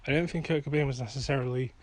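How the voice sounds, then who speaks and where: Brief: man, mid-pitched, rambles and swears freely in a night-walk vlog, faint hiss behind. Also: fairly even intonation, racing. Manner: rambling and frank, swears freely, heated when ranting. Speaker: vlogger and songwriter. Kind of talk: casual rambling monologue. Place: outdoors at night, walking to a field.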